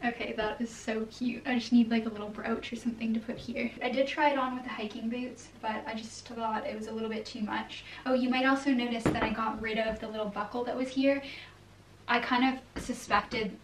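Bright, chatty young woman, slightly distant mic. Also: on the high side, fairly even intonation, fairly quick. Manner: upbeat and chatty, with frequent laughs. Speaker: fashion vlogger. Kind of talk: casual chat to camera, trying on clothes. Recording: distant mic with faint background noise.

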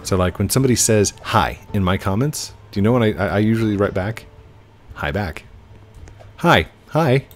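A man's voice: on the low side, fast, a little mellow, faint music behind. A young man hosting a gaming channel, chatting casually and rambling to his viewers while he plays. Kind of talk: casual gameplay commentary.

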